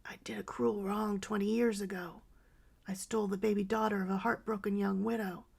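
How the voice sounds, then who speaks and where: A woman's voice: mid-range voice, level tone, fast talker, gravelly, breathy edge. A woman voicing a frightened, dying woman in her fifties who pleads and confesses in an audiobook. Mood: remorseful. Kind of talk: audiobook character reading.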